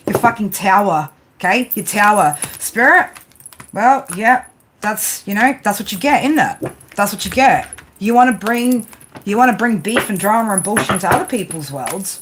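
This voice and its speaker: A woman doing a tarot reading who scolds her listeners bluntly, swears constantly and keeps tagging her sentences with "right?". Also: mid-range voice. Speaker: tarot reader. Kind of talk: profane tarot reading monologue. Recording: home recording with clear background noise.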